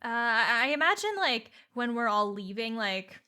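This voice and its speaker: Hesitant woman player, bright voice. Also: a little high, very animated. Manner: hesitant, halting. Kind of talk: in-character tabletop play.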